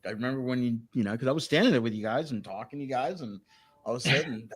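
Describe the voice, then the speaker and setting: A man's voice: medium pitch, racing. A man co-hosting a podcast, chatting casually and joking, a bit off the mic. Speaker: podcast host. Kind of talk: casual chat.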